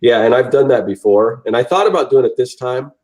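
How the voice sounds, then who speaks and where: A man's voice: medium pitch, expressive, a little fast, a little mellow, rough recording. A man co-hosting an artists' podcast, talking in a rambling, casual way with many restarts. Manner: rambling, with frequent restarts and trailing phrases. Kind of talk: casual chat.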